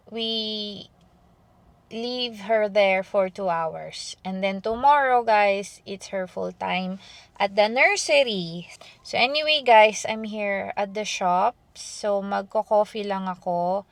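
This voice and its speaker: A woman's voice: mid-range voice, takes it slowly, no room sound. A young woman from the Philippines with a Filipino accent, a mother vlogging in a sing-song, coaxing way and switching between Tagalog and English. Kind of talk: family vlog, baby talk and chatty narration.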